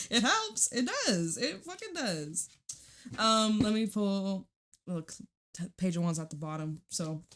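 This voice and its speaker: A woman giving a casual tarot reading at home into a microphone, chatty and blunt, swearing and laughing often. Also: medium pitch. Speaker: tarot reader. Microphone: studio microphone.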